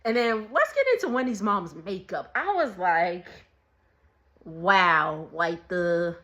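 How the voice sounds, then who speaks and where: A woman's voice: fairly low pitch, sing-song, takes it slowly, bright, forceful tone. A young woman hosting a reality TV recap. She talks casually and animatedly, often mimicking the people she describes.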